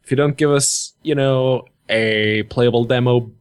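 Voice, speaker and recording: A man's voice: mid-range voice, steady tone, measured pace, clean tone. Teasing male podcast host. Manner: mock-announcer, teasing. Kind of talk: casual podcast banter.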